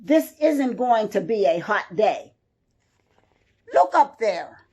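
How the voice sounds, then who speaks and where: A woman's voice: medium pitch, big pitch swings, slow pace, mellow. A woman voicing a worried hen who hurries to warn the other farm animals, sounding urgent and fussing. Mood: alarmed. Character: worried hen spreading alarm.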